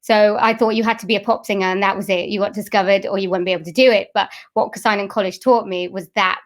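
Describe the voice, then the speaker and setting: A woman's voice: mid-range voice, steady tone, fast talker. A middle-aged woman, a voice-over artist and singer, chatting in an interview with many fillers and restarts. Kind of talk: casual interview chat.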